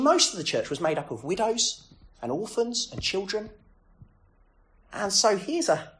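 A man preaching a sermon in a conversational way, full of rhetorical questions and self-deprecating asides. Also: sits high.

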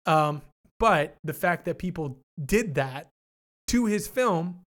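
A man's voice: a little high, lively intonation, takes it slowly, fairly bright tone. Hedging, thoughtful male podcast co-host. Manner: thoughtful, hedging, many restarts. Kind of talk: casual discussion.

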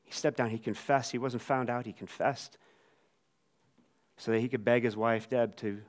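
A man preaching a sermon in a relaxed, conversational manner. His pitch sits in the middle range. He talks to the congregation like he's chatting with friends and acts out quotes with voices. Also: moderate pace. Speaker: pastor.

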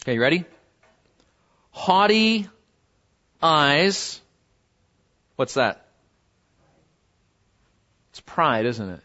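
A pastor preaching a sermon in a conversational way, with many fillers and repeated words, and sudden high jumps in pitch when he quotes someone. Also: animated, a little slow, pauses often, bright, forceful tone, muffled recording. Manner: voices biblical figures with sudden pitch jumps.

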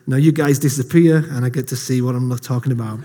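A man's voice: mid-range voice, fairly even intonation, fast talker, dark tone. A man in his thirties giving a casual, jokey sermon to a congregation, telling self-deprecating stories. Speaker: lay preacher. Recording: long hall reverb.

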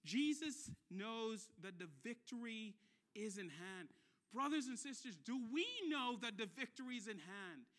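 A man preaching a sermon as a pastor in an animated way, with playful asides and words repeated for emphasis. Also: sits high, measured pace.

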